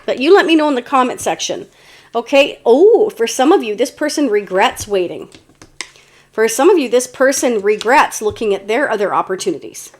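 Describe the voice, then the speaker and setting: A woman's voice: on the high side, sing-song, normal speed. A woman giving a casual, chatty tarot reading to viewers, meandering with many fillers and restarts. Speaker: tarot reader.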